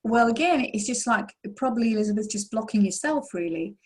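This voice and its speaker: A woman's voice: on the high side, expressive, fairly quick, husky. A woman answering questions as a mediumship teacher in an online session, explaining in an encouraging way.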